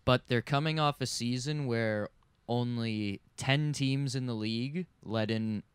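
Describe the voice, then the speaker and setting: A man giving measured, reasoned analysis on a sports talk show. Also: mid-range voice, smooth, no echo. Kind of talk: hockey analysis.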